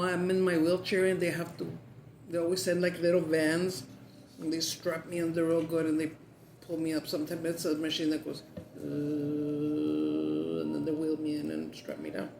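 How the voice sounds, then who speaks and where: A mukbang vlogger eats on camera and chats casually, dropping Spanish phrases into her talk. Her voice is low, steady, and darkish with vocal fry, at a moderate pace, in an echoey room with background noise.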